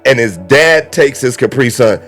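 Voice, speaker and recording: A man casually telling funny stories in a relaxed chat, acting out the quoted lines. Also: medium pitch, measured pace, soft background music. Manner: animated storyteller, acts out quoted lines. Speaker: guest comedian.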